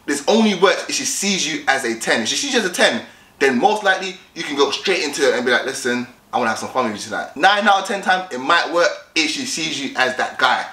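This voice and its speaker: A man's voice: a little high, lively intonation, a little fast, bright, forceful tone, echoey room. A young man giving dating tips in a casual vlog, talking directly and acting out both sides of conversations. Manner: direct, repetitive, acts out both sides of chats.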